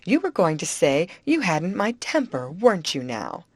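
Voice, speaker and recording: A woman reading the lines of a quick-tempered, sharp-tongued teenage girl. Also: sits low, very animated, dry recording. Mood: snappish. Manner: snappish, emphatic.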